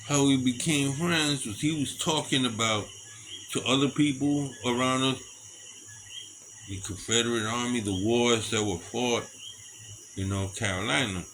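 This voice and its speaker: Faint crickets and insects hum in the background as a middle-aged storyteller delivers a loose, rambling casual monologue. His medium-pitched voice is animated, and he chuckles often between stories.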